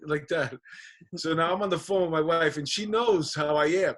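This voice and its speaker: A man's voice: fairly high pitch, moderate pace. A man, a comedian guest on a podcast, telling stories in casual chat and acting out the dialogue with plenty of swearing. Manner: animated storyteller acting out dialogue, profane.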